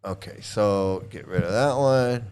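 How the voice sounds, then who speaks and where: A man's voice: on the low side, a little slow, a little mellow, smooth. A man giving casual video commentary, sarcastic and rambling with many restarts.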